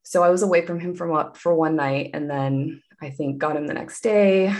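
A woman's voice: sits low, normal speed, darkish tone. A woman guest telling a personal story in conversation, candid and meandering, with many asides.

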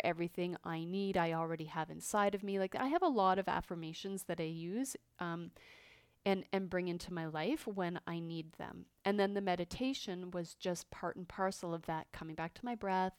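A woman's voice: on the low side, clear, resonant tone, dry recording, studio quality. A woman in her fifties hosting a podcast, telling a personal story in a candid, reflective way with frequent fillers and restarts. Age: 50s. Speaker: podcast host.

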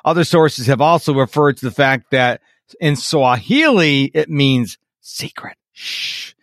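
A man's voice: medium pitch, expressive, measured pace, fairly bright tone, no echo, clean studio sound. A man co-hosting a casual tech podcast, chatty and playful as he jumps between topics. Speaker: podcast co-host.

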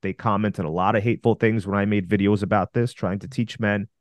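A man's voice: lowish voice, steady tone, fairly quick, dry recording. A man co-hosting a podcast, giving blunt, commanding dating advice to male listeners. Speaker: dating coach podcast co-host. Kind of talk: confident advice talk.

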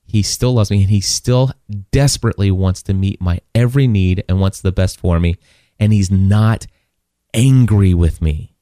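A man's voice: low-pitched, warm tone, no room sound, studio quality. A man in a casual faith talk, repeating and restarting words as he tells a story and acts out the people in it. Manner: halting, repeats words, voices people in his stories.

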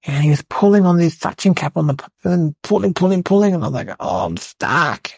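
A man voicing an excitable, rambling young schoolboy, telling a comedic story. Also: on the high side, fairly quick, vocal fry, husky, no room sound, full character voice. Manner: breathless rambling storyteller, lots of "like" and "guys".

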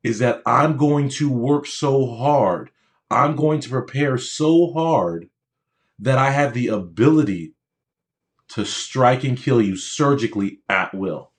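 A man's voice: medium pitch, slow pace. Man giving an emphatic motivational talk. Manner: emphatic, repeats phrases for emphasis; conversational, checks in with the audience. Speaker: motivational speaker to aspiring medical students. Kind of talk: motivational speech with personal stories.

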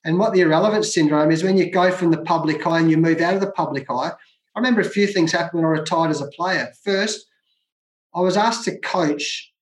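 A middle-aged Australian man with a rather high voice tells his stories with emphasis, circling back to repeat his points. His voice rings with a roomy echo. He sounds like a guest talking freely in an interview. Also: a little fast. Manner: emphatic, repeats phrases for effect. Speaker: guest, former cricketer. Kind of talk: conversational storytelling.

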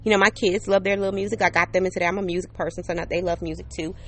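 A woman with a fairly low, slightly bright voice talks rapid-fire with little pitch movement while hosting her own podcast outdoors under an umbrella on a patio, a neighbor's air conditioner running in the background. Her casual solo monologue is chatty and upbeat, and she addresses listeners directly, checking in often with lots of "okay?" and "right?".

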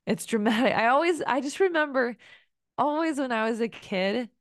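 A woman's voice: a little high, expressive, moderate pace, no echo. Earnest woman podcast host, dry close sound. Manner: earnest, emotive, rambling with many "like"s. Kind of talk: solo podcast monologue.

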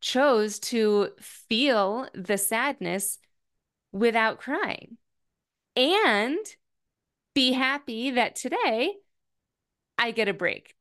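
A woman in her thirties hosts a personal podcast and talks alone in a reflective monologue. She sounds candid and thoughtful and pauses to find her words. "Like" comes up often as she talks. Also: a little high, lively intonation, a bit bright. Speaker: podcast host.

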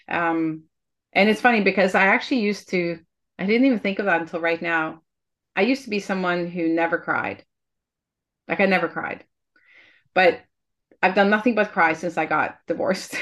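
A woman's voice: mid-range voice, moderate pace, fairly bright tone. A woman hosting a podcast interview, talking in an earnest, reflective way with frequent restarts. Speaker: podcast host. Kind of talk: heartfelt conversational interview.

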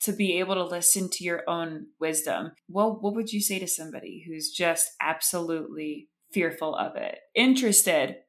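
A woman in her thirties hosting a podcast, talking candidly and animatedly, quick to laugh. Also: lowish voice. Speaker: podcast host. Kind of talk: casual interview chat.

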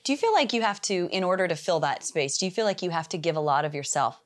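A woman hosting an interview, asking curious, reflective questions in a relaxed conversational tone. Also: lowish voice, fast talker. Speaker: podcast host.

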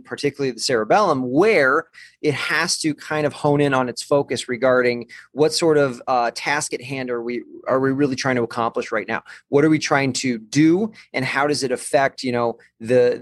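A man in a mid-range voice walks through brain science in an easygoing, explanatory way. He pauses, restarts his phrases and circles back as he thinks. The sound is dry and close, with no room around it. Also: medium pitch, dry recording. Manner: thoughtful, explanatory, frequent restarts and fillers. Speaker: guest expert on neuroscience and balance training. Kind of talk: conversational explanation.

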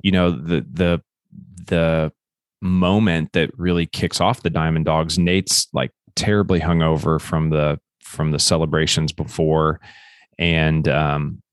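A man with a very low, deep voice talks in a relaxed, casual way as a podcast co-host. He retells scenes with quoted lines. The sound is dry and close, with no room echo. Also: unhurried. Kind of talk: casual chat.

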